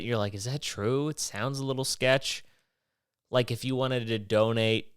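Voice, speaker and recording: A man hosting a podcast, rambling through a loose, swear-filled rant that swings into exasperated outbursts. His voice is smooth and resonant at an ordinary male pitch. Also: a bit bright. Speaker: podcast host.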